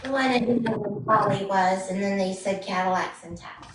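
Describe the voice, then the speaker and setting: A woman's voice: mid-range voice, moderate pace. A woman off camera giving short agreeable replies to the host. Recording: distant echoey voice with noise.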